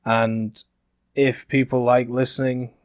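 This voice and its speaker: A man with a softened middle-class British accent talks through a gaming commentary in a loose, rambling way, leaning on "uh" as he thinks. His voice sits in an ordinary middle range. The recording is close and dry, with no room sound. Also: mid-range voice, level tone, slow, clean tone, no echo. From Yorkshire, England. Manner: conversational and rambling, frequent uh fillers. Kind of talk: casual spoken commentary.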